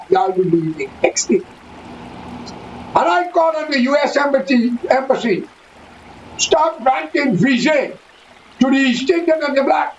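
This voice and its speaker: Guy ranting hard at his listeners, really high voice, kinda far off and muffled. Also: echoey room. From Guyana. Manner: heated, accusing, addresses listeners directly. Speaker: political commentator. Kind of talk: angry political rant to camera. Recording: distant, muffled, lo-fi with faint noise.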